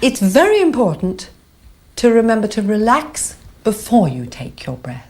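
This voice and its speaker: A woman teaching singing, explaining breathing in a lively, instructive way. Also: a little high, moderate pace. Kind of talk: vocal lesson.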